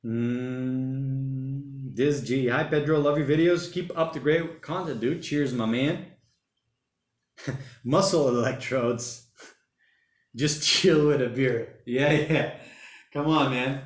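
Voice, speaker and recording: A man rambles through a relaxed livestream, tossing in slang as he answers viewer comments one by one. His voice sits in a middle range. The room around him rings with noticeable echo. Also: medium pitch, takes it slowly, long pauses. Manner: rambling, chatty, uses slang like mate and bloody. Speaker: livestream host. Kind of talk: casual livestream chat reading viewer comments. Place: home during lockdown.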